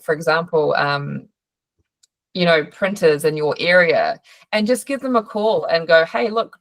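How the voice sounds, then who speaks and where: Brief: New Zealand woman, low voice, dry close sound, friendly art-business coach on a video call. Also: fairly bright tone, dry recording. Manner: chatty, frequent fillers and restarts. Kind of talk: live online training Q&A.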